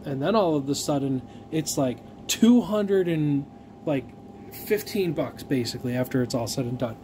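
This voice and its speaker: A man talking in a slightly raised pitch, swearing freely as he tells a frustrating story. He rambles, restarts his sentences and drops fillers in a loose vlog style. A faint hiss of noise sits under his voice. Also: expressive, normal speed, mellow. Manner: profane, exasperated storytelling. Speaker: gun vlogger. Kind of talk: casual unboxing rant.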